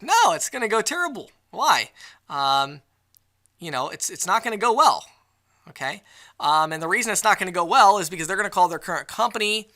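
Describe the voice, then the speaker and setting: Bright-voiced male sales trainer. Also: high voice, moderate pace. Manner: lively presenter acting out customer excuses. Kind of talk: live sales training presentation. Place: event venue.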